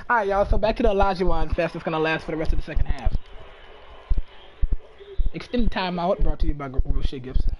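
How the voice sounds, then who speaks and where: A man giving casual, excitable commentary while playing a basketball video game. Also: on the high side, fairly quick, long pauses, background noise. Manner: excitable, shouts and laughs at plays. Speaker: gaming commentator.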